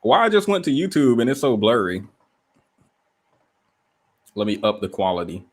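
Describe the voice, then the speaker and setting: A man hosting a casual livestream from a rented room indoors, telling stories in an animated way and firing off rhetorical questions. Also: mid-range voice, normal speed. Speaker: livestream host.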